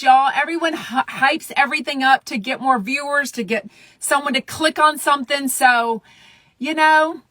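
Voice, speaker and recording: A chatty woman hosting a gossip show, blunt and a little profane. Her voice is bright and sits on the high side. The sound is close and dry. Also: moderate pace, no echo. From Texas. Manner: chatty, blunt, profane, drops into a whisper for secrets. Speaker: podcast host. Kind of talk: casual gossip chat.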